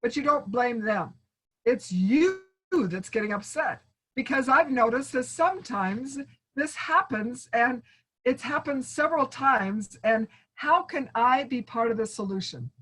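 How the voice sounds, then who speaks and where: Over a video call, a speaking coach with a slightly high, bright, husky voice talks at a measured pace yet sounds animated. She warmly addresses her audience as friends and performs sample phrases as asides, though the recording is rough.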